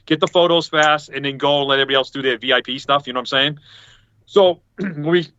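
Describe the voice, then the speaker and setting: Guy rambling thru a story, bright tense voice, acts out everyone he quotes, dull lo-fi call audio. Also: on the high side, quick pace, no room sound. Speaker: podcast panelist. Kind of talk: casual chat storytelling. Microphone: video call.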